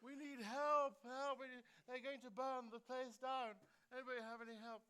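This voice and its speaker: A man's voice: little pitch movement, normal speed, sharp tone, smooth. A man putting on the voice of a commanding woman prime minister in a panic, pleading urgently for help during a speech. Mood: panicked. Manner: high, urgent, pleading delivery. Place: school theatre.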